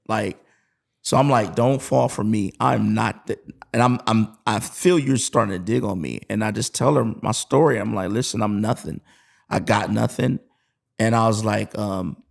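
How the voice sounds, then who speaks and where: A man guesting on a podcast, telling a story in a lively way and acting out the other people's voices. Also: on the low side, creaky. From USA. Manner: animated storyteller, acts out voices in his anecdotes. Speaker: guest musician. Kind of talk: casual storytelling interview.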